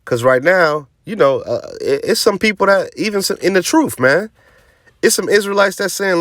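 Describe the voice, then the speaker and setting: A teaching officer of a religious group, speaking in a high, animated voice at normal speed, preaches scripture informally. His tone is a bit bright, the studio sound clean with no echo, and his emphatic, streetwise delivery is peppered with "man," "right?" and sarcastic asides.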